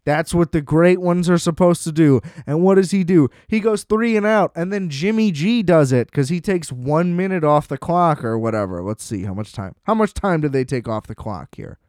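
A man rants about football in a blunt, sarcastic way and swears freely. His voice sits a little higher than most men's and comes across smooth and clear. The recording is dry and close, with no room sound. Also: animated, moderate pace, hardly any pauses, darkish tone, dry recording. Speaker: sports commentator. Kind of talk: casual solo sports rant.

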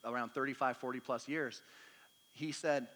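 A man's voice: mid-range voice, fairly even intonation, moderate pace, pushed and bright. A man preaching a storytelling sermon in a chatty, self-deprecating, humorous way, acting out bits of dialogue. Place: church meeting hall. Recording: long hall reverb.

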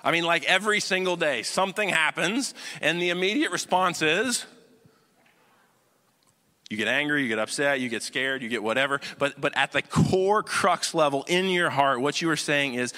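A male pastor preaching a conversational sermon, often checking "you follow me?", swinging between loud emphasis and hushed intensity. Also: a little high, moderate pace. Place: church auditorium. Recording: long reverb of a large hall.

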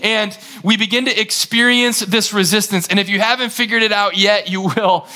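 Bright, high-voiced male pastor preaching. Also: moderate pace. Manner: energetic, conversational, dramatic retelling. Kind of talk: sermon.

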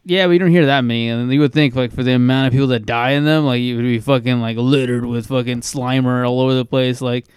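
A man of middle pitch tells stories on a podcast with sarcastic, animated energy and plenty of swearing. His voice is clear and smooth, recorded close with no room sound. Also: fast talker, hardly any pauses, no echo. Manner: animated, sarcastic, profane storyteller. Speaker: podcast co-host. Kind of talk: casual chat.

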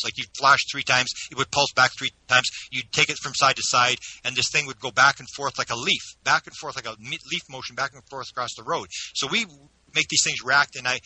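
A man who is an interview guest, telling a personal story in an animated way with frequent restarts. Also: medium pitch, slight background noise, low-quality recording. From Canada.

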